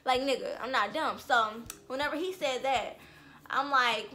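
A young woman telling a storytime vlog, animated and blunt, swearing freely. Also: sits high, normal speed. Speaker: vlogger.

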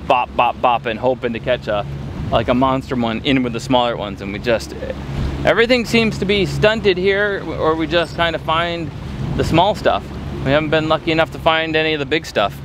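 Upbeat high-voiced man on a boat. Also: noisy background. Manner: enthusiastic, jokey, chatty. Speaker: vlogger, channel host. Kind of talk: casual upbeat vlog chat. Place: outdoors on a boat on a lake. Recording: background music under the voice.

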